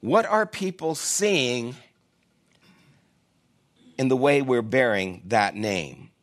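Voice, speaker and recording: A male pastor delivering a sermon in a conversational storytelling manner, poking fun at himself. His pitch swings widely, rising for emphasis and dropping low for quick asides. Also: animated, a bit bright. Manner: storytelling, conversational, self-deprecating. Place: church.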